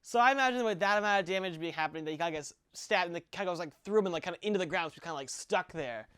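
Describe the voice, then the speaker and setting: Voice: mid-range voice, rapid-fire, fairly bright tone, smooth, dry recording, studio quality. A game master casually narrating a tabletop session, with plenty of ums and restarts.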